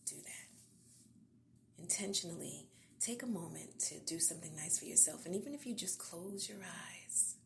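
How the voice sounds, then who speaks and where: A woman podcast host, giving an encouraging devotional talk in a soft, half-whispered, earnest voice. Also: lowish voice, lively intonation, a little slow, vocal fry.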